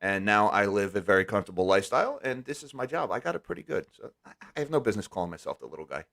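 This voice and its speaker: A man's voice: fairly low pitch, expressive, racing, vocal fry, a bit bright. A man hosting a casual live stream, talking candidly and with emphasis, often restarting his words. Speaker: host.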